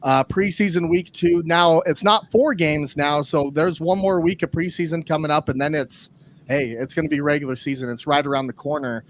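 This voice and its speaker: A man's voice: on the high side, steady tone, normal speed, slight background noise. A man hosting a football podcast in an upbeat, chatty way, steering the conversation. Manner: upbeat, chatty, guides the talk. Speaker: podcast host. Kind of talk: casual sports chat.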